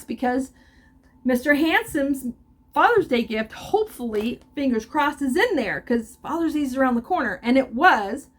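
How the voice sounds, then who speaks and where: An older woman with a fairly high voice talks in a loose, chatty way, stopping and restarting her sentences. She comes across as openly emotional and often laughs between thoughts. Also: expressive, moderate pace. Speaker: crochet vlogger. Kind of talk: casual chat.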